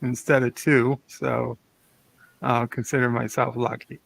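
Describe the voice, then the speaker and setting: Sleepy, halting man with gravelly voice. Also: mid-range voice, flat delivery, a bit bright. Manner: tired, halting, many pauses. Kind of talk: casual morning chat.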